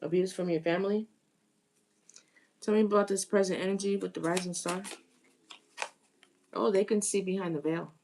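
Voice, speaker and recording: A woman giving a live tarot reading, animated, with exclamations and phrases repeated for emphasis. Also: medium pitch, normal speed, long pauses, a little hiss or hum. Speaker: tarot reader.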